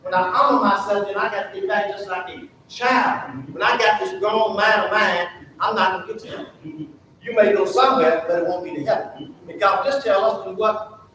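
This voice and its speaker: A man's voice: high voice, moderate pace, bright, forceful tone, a little hiss or hum. A man teaching a Sunday school lesson in a church, in a preacherly call-and-response way that throws questions to the class. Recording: very echoey church room from far off.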